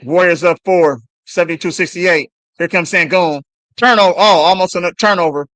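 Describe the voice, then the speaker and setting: A man calling a basketball game live as a fan on a stream, swearing and yelling at the players between play-by-play. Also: sits high, moderate pace, dry recording. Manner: excited, profane trash talk at players. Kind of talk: fan play-by-play watch-along.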